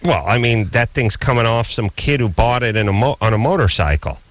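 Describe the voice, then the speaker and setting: Rambling, animated male radio co-host. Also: medium pitch, fairly quick, dry recording. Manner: rambling, joking, self-mocking. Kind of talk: casual radio banter.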